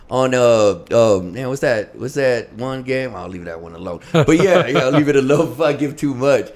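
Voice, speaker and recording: A middle-aged man on a podcast telling a story casually, slangy and animated, acting out the lines of the people in it. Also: mid-range voice, normal speed, few pauses. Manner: animated, slangy, acts out dialogue. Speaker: podcast guest.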